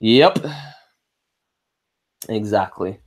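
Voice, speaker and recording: An Australian livestream host chats casually in a lowish voice, drawing out his words with lively intonation. He rambles and swears freely, restarts sentences often, and reads viewer comments aloud to answer them as they arrive.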